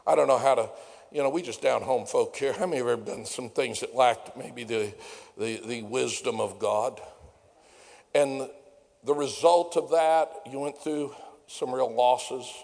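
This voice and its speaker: A man's voice: mid-range voice, fairly even intonation, normal speed, gravelly, a little mellow. A man preaching a sermon as pastor, folksy and down-home, building to fervent preaching. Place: church sanctuary. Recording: long hall reverb.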